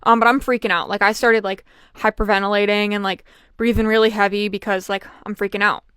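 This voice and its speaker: Young woman yapping through a storytime, animated and full of "like"s, clean smooth voice, dry sound. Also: mid-range voice, a little fast, no echo. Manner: chatty, animated, filler-heavy storytelling. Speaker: vlogger. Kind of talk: casual storytime chat.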